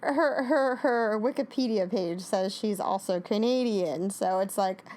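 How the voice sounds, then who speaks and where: A woman's voice: medium pitch, a little slow, darkish tone. A woman co-hosting a casual TV recap, rambling with many restarts and frequent laughs. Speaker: co-host.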